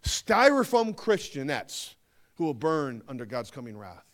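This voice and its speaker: A man preaching a sermon, emphatic, slowing down to stress key phrases and dipping into quieter asides. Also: mid-range voice, big pitch swings. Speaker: pastor.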